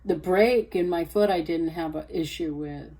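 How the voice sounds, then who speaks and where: A woman sharing a personal faith testimony, halting and hesitant with many fillers, growing more animated when she retells scripture. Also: husky, rough recording. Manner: rises in pitch and energy when retelling scripture.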